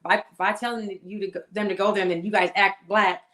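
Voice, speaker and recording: A woman with a Californian accent, a guest in a casual conversation, talking in an animated, emphatic way and laughing often. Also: medium pitch, fast. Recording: echoey room.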